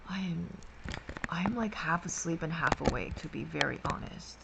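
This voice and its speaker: A woman's voice: mid-range voice, measured pace, gravelly, noisy background. A woman hosting a meditation livestream, talking casually and sassily through a card reading, rambling with playful filler sounds.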